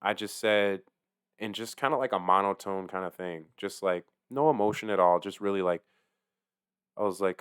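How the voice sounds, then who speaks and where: A man who works as a delivery driver, ranting casually to camera, heated and swearing heavily, swinging between low muttering and loud outbursts. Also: normal speed, clean tone, no echo, studio quality. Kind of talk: casual profane rant to camera.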